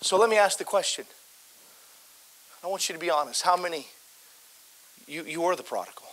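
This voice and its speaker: A man preaching a fervent sermon in a church, full of repetitions and stammered restarts, swinging between loud exhortation and softer pleading. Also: on the high side, expressive, brisk. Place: church sanctuary.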